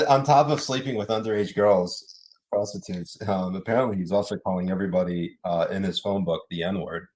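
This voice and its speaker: A man hosting a casual political chat show, animated and laughing often as he reads out news stories. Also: low-pitched, a little fast. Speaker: podcast host.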